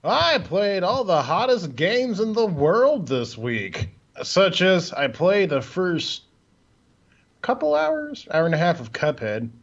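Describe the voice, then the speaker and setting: A high-pitched, very animated man co-hosts a podcast, chatting casually and slowly in a loose, rambling way while swearing freely. The audio is muffled and lo-fi.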